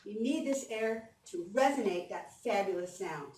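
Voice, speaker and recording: A woman's voice: mid-range voice, moderate pace. Woman voice coach in an echoey hall. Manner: animated and encouraging, guiding the audience through exercises. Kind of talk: conference workshop talk with exercises. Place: conference hall. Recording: echoey hall, mic from a distance.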